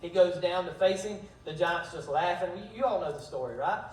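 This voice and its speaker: A high-pitched man teaching a Bible study in a church hall. He retells scripture in relaxed everyday slang and acts out the characters' lines. He stands far from the mic, in a roomy, echoey space. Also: brisk. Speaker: pastor.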